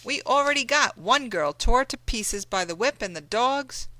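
A reader voicing a stern older woman on a plantation who scolds loudly and urgently. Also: mid-range voice, big pitch swings, unhurried, no echo. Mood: furious. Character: stern older enslaved woman, fierce protector.

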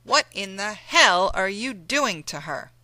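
Reader doing stern older woman, scolding, loud, bright tense edge, slow. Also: mid-range voice, sing-song, dry recording. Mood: furious. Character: stern older enslaved woman, fierce protector.

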